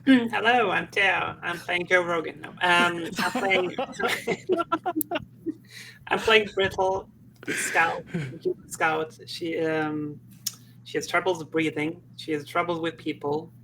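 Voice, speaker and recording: A woman's voice: fairly low pitch, slow, gravelly. A woman introducing her character at a tabletop game, playful and joking. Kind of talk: casual chat. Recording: background noise.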